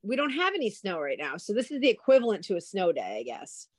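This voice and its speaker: Blunt, lively woman with a Rhode Island accent. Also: mid-range voice, quick pace. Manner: lively, blunt storyteller with frequent swearing. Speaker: co-host. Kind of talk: casual chat.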